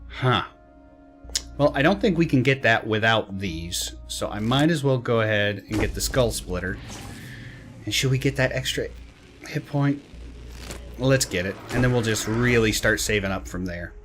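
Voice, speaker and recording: A man running a casual let's play, reading menu text aloud and tossing in quick, chatty reactions. His voice sits a little low. Soft game music plays faintly behind him. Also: lively intonation. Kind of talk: casual gameplay commentary.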